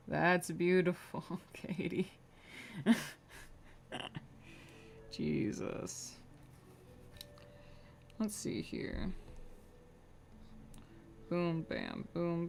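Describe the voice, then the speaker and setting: A woman's voice: on the low side, vocal fry, a little hiss or hum. A young adult woman streaming live while she draws, rambling casually to her chat and humming between remarks.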